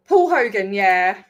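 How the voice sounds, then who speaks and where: A woman with an English accent carrying a slight Australian twang, chatting casually on a live stream, laughing often and swearing casually. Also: medium pitch. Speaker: livestream host.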